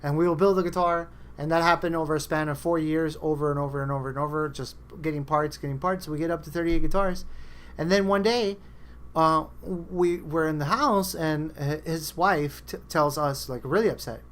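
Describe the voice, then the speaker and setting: A man's voice: a little high, steady tone, moderate pace, a bit bright. A man hosting a podcast, chatting casually and rambling through stories, acting out friends' lines as he goes. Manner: rambling storyteller, acts out quoted friends. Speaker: podcast host. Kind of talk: casual chat.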